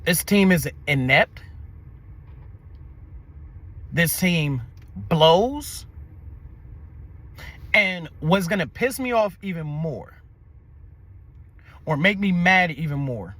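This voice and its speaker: High, bright-voiced man ranting about sports. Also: animated, takes it slowly, pauses often. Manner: heated, profane, repeats himself. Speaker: sports podcast host.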